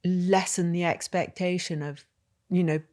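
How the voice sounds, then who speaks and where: A woman's voice: on the low side, steady tone, measured pace, a little mellow. A woman hosting an interview, asking thoughtful questions that ramble a little. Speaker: podcast host. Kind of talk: interview conversation.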